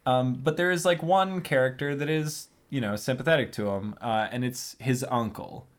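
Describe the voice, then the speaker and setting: A man's voice: mid-range voice, moderate pace. A man hosting a casual podcast chat, rambling through a recap, laughing and swearing freely. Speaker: podcast host.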